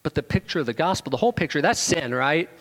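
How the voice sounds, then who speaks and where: Man, pastor, sermon, animated, emphatic questions, higher-pitched voice, long hall reverb. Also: quick pace. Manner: animated, rising to emphatic questions, joking with the congregation.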